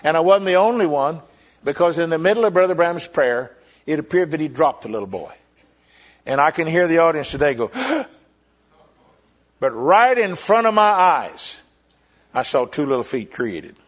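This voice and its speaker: Older pastor telling a testimony, lo-fi. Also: male voice, on the high side, expressive. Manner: earnest storytelling with repetitions and pauses. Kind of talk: sermon testimony. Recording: lo-fi dull recording.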